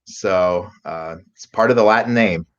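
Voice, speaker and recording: A man with a fairly low voice answers questions in a relaxed, casual way, often pausing on an um or uh. The audio is somewhat dull and lo-fi. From Pennsylvania, USA. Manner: relaxed, many ums and uhs. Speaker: guest, rabbit breeder and judge. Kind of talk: casual interview.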